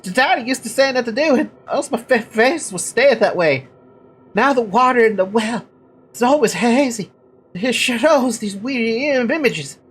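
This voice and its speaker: A woman's voice: fairly high pitch, lively intonation, moderate pace, husky, soft background music, pitched above the performer's own voice. A woman doing a stuttering timid violinist man. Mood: pleading. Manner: heavy stutter, pleading. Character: timid stuttering male village violinist, lovesick.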